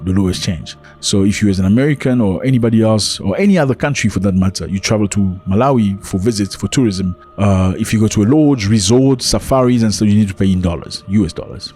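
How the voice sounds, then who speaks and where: A man giving animated news commentary, asking rhetorical questions and explaining things to his viewers. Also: fairly low pitch.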